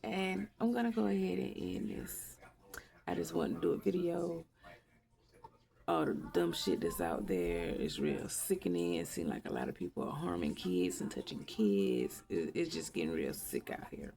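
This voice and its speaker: A woman's voice: deep voice, sing-song, moderate pace, creaky, mellow. A woman vlogging to her channel, blunt and profane. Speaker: YouTube vlogger. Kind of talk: casual commentary vlog.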